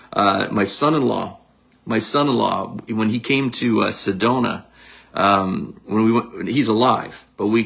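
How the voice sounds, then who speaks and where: A middle-aged man, a psychic medium leading a guided visualization talk in a blunt, energetic, casual coaching manner. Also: on the low side, creaky. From Canada.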